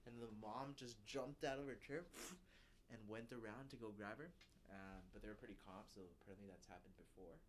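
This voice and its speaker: Young man swearing through a lively story. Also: fairly low pitch, fairly quick, slight background noise. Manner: profane, animated storytelling. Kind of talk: casual chat between friends.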